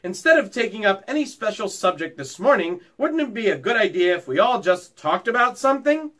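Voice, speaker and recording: A man reading aloud and voicing a tiny, self-assured mouse who teaches a class, in a crisp, bossy, matter-of-fact way. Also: high voice, sing-song, fairly quick, a bit bright, pitched above the performer's own voice. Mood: brisk.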